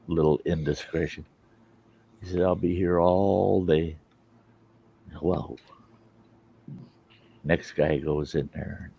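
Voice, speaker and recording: A man's voice: extremely low pitch, gravelly, mellow, muffled recording, a little hiss or hum. A man hosting a casual livestream chat, telling a long joke in a folksy, plain-spoken way with some cursing. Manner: folksy, drawling storyteller with mild cursing. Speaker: host.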